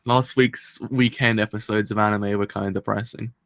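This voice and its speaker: A man's voice: lowish voice, steady tone, moderate pace, gravelly. A man hosting a live anime reaction, talking in a rambling, chatty and self-deprecating way and laughing often.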